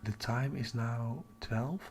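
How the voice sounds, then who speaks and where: Gravelly and mid-range, this man hosts a nighttime astronomy stream from home, musing out loud with excitement at a slow pace and now and then sinking into a whisper. A faint hiss or hum sits under his casual chat.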